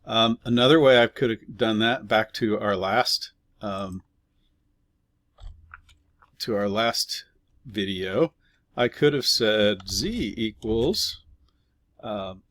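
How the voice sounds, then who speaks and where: A man's voice: fairly low pitch, slow, long pauses, a bit bright, no room sound. A man teaching a casual programming lesson, explaining step by step with fillers and offhand asides while typing. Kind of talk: casual screen-recorded coding lesson.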